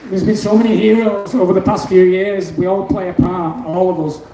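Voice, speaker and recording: A man's voice: sits high, little pitch movement, moderate pace. A man hosting a festival, enthusiastically introducing speakers on an outdoor stage. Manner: enthusiastic, praising. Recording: echoey outdoor PA, distant, crowd noise.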